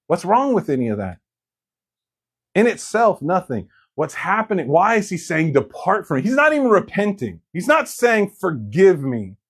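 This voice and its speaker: A man's voice: high voice, very animated, moderate pace, a bit bright, husky. A man preaching a sermon in a conversational, joking way, acting out quoted voices.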